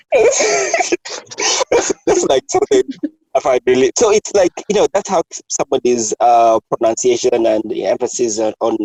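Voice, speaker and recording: A man hosting a casual chat, animated and laughing often, restarting his sentences. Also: mid-range voice, no echo, poor audio. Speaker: host.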